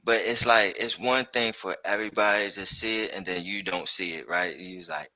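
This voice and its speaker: Sports podcast host guy, super bright tone, low-ish voice, dry close sound, kinda hyped and slangy. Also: normal speed, few pauses, dry recording, poor audio. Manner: loose, excitable, slangy, lots of fillers. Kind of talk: casual sports chat.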